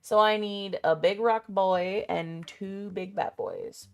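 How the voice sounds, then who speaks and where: A woman's voice: mid-range voice, steady tone, takes it slowly, vocal fry, faint music behind. A young woman in casual, rambling chat who swears freely and mutters to herself as she makes a list. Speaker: vlogger.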